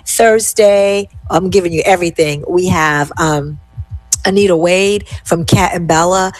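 A woman's voice: fairly low pitch, no echo. A middle-aged woman hosting a live show, chatting with enthusiasm and reading out viewer comments before leading a plank exercise. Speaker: host. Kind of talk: live show chat with fitness cueing.

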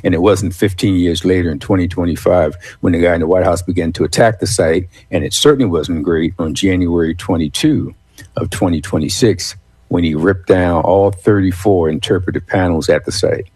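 A man's voice: low voice, normal speed, a little mellow, breathy edge, dry recording. A man hosting a radio talk show, emphatic and repetitive, calling his listeners folks. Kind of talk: casual talk radio monologue.

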